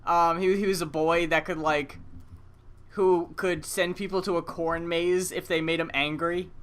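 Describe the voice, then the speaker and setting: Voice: mid-range voice, level tone, measured pace, a bit bright, clean tone. A podcast co-host in a casual chat, rambling through memories, laughing along and swearing casually.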